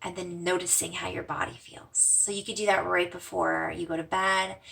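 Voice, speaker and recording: A woman gently teaching simple breathing exercises, slowing and softening her voice for the mantra lines. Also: lowish voice, flat delivery, gravelly, far from the mic. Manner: gentle, slows and softens for mantras, fades to whispers. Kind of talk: guided breathing lesson.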